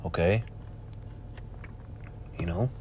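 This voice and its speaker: Man, low voice, informal preacher, conversational, reads old-style verses, faint background noise. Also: drawn-out words, darkish tone. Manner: conversational, peppered with "all right?" and "man"; reads verses aloud in old-fashioned wording. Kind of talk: informal scripture preaching to camera.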